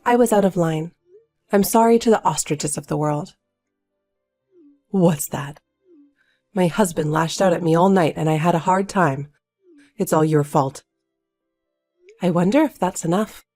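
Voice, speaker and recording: A woman voicing a scripted dramatic story told through bickering dialogue, with a sharp delivery. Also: lowish voice. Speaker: voice actor reading a story.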